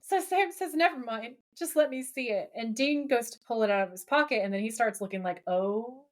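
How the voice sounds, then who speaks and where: A woman co-hosting a podcast, casually recapping a TV episode and acting out the characters' lines with lively energy. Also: fairly high pitch, a little fast. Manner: animated storyteller who acts out the characters' lines. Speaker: podcast co-host.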